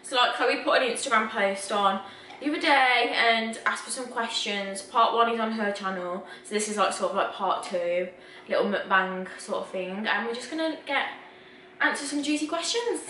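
A woman's voice: a little high, moderate pace, bright, forceful tone, slight background noise. A woman, hosting a casual girl-talk video. She chats in a giggly way and fills her talk with "like". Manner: chatty, giggly, says "like" a lot. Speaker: YouTube host. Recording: echoey room from a distance.

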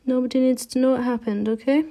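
A woman's voice: sits high, fairly even intonation, fast, mellow. A woman giving a chatty, step-by-step live nail art tutorial while she works.

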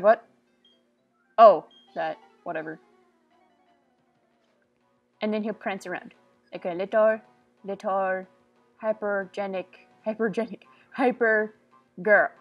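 A young woman hosting a let's play, rambling and joking to herself with sudden silly outbursts. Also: mid-range voice. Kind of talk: casual game commentary.

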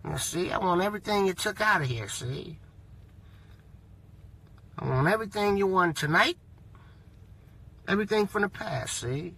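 A man putting on a low, menacing gangster boss. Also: expressive, gravelly, fairly bright tone, breathy edge, heavily acted. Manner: slow, low, threatening delivery.

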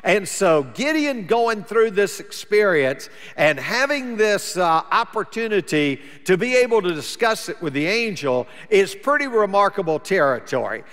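High-voiced man preaching in a reverberant church. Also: big pitch swings, a little slow, hardly any pauses, fairly bright tone. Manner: conversational preaching, plain folksy wording. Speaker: pastor. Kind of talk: sermon. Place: church sanctuary.

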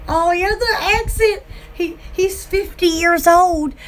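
A woman from Alabama with a Southern accent, rambling excitedly in a casual vlog for her online shop. She giggles often and fills her talk with "oh" and "um". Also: extremely high pitch, slow pace. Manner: giggly, excitable, lots of "oh" and fillers.

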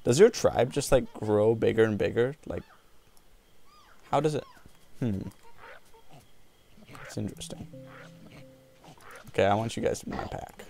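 A man giving jokey, rambling let's-play commentary on a video game, with sudden whoops and yells. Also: lowish voice, unhurried, gravelly, long pauses, soft background music. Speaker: gaming video host.

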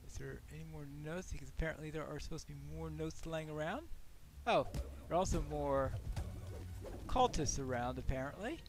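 A man with a fairly high voice talks casually through gameplay on a desk mic. He reacts aloud and mutters to himself as he goes. A faint room ambience sits behind him. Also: moderate pace, a little hiss or hum. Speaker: gameplay commentator. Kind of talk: casual let's-play commentary.

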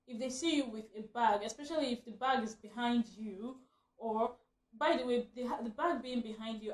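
A young woman tells a story to her camera in a loose, rambling way, laughing often as she goes. Her voice sits a little high for a woman. The room around her is echoey. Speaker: vlogger. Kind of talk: casual storytelling.

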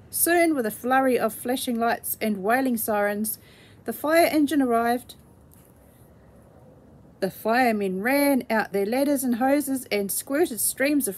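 A woman reading a children's storybook aloud in a gentle, measured way. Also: a little high.

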